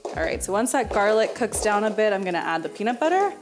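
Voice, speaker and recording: A woman's voice: medium pitch, very animated, fast, over music. A young woman hosting a home cooking video, talking straight to the viewer in a friendly, chatty way. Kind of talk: casual cooking demonstration.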